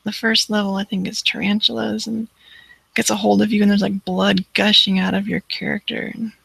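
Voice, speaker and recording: A co-host in casual talk, speaking hesitantly with many fillers and dropping to a hush when awed. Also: medium pitch, little pitch movement, a little fast, creaky, husky, no room sound, poor audio. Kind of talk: casual live-show chat.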